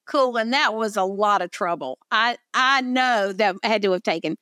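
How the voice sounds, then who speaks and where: A woman's voice: mid-range voice, moderate pace, sharp tone, no echo, studio quality. An older woman with a Southern accent hosting a podcast interview, chatty and effusive. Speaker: podcast host. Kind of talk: casual interview chat.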